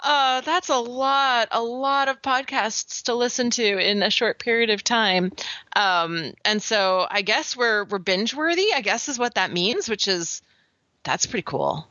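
A woman co-hosting a podcast in casual chat, animated, giggly and playful. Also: mid-range voice, unhurried, no echo, lo-fi sound. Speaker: podcast co-host.

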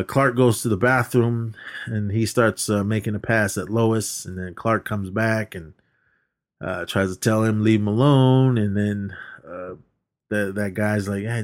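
A man co-hosting a podcast, casually recapping a film in a rambling way, acting out quoted lines and laughing as he goes. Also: on the low side. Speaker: podcast co-host. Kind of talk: casual movie recap chat.

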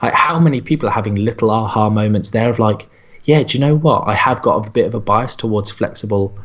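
A sports nutritionist in casual podcast chat, telling stories in an animated way and acting out the people he quotes. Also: lowish voice, fast talker, muffled recording. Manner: animated storytelling with quoted voices.

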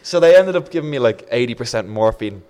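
A young Dublin man with a mid-range voice talks fast as a guest on a chat show or podcast. He tells a long, casual anecdote in an animated way, acting out the voices of the people in it.

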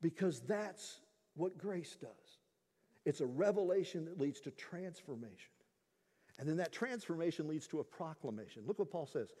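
A man's voice: on the high side, expressive, normal speed, warm tone, in a large hall. A male pastor preaching a sermon in an emphatic, conversational way, weaving in stories and asides.

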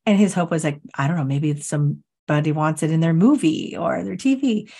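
A woman co-hosting a podcast, telling an animated story in casual chat and laughing often. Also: low voice, fairly quick, vocal fry, breathy edge. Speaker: podcast co-host.

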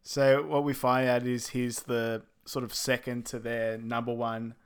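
A man's voice: medium pitch, flat delivery, a little slow, clear, resonant tone. A man co-hosting a casual podcast, talking through a film recap in an easygoing way. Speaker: podcast co-host.

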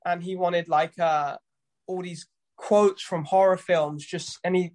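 A man's voice: high-pitched, fairly even intonation, a little slow, a little mellow. A man, a tattoo artist, chatting in an interview and telling loose, sweary stories while acting out conversations. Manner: loose storytelling, swears, acts out dialogue. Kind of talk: casual interview chat.

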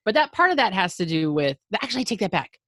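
A woman's voice: medium pitch, sing-song, fast talker, fairly bright tone, no room sound, clean studio sound. A woman guesting on a podcast, speaking frankly in a casual, rambling way. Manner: frank and rambling, restarts often. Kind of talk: candid casual chat.

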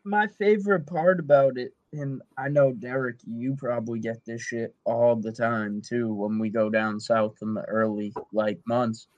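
Animated northern man telling a story. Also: medium pitch, measured pace, few pauses, dry recording, highs cut off. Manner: animated storyteller, acts out voices, profane. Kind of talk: casual chat.

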